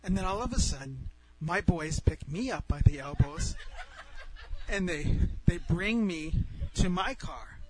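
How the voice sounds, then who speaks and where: A middle-aged man telling a personal story in an animated way, often restarting and repeating words. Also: sits high, unhurried, poor audio.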